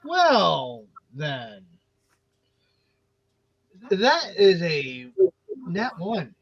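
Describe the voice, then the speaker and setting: A man's voice: high voice, wildly swooping pitch, very slow, fairly bright tone. A man playing in a tabletop game, chatting casually and joking. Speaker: player. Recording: gravelly voice on dull lo-fi mic.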